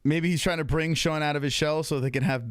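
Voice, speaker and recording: A young man hosting a casual livestream, talking in an animated, profane way and laughing often. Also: a little high, fast talker, dry recording, clean studio sound. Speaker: livestream host.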